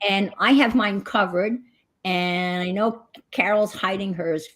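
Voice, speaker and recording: A woman's voice: mid-range voice, moderate pace. A woman hosting a crafting livestream, chatting casually in a rambling way. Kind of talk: casual chat. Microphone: computer mic on a livestream.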